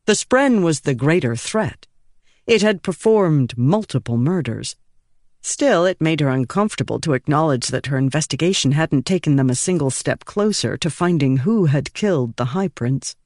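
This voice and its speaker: A man reading an audiobook in measured scripted narration, giving each character a voice. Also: on the high side, animated, darkish tone, no echo, clean studio sound.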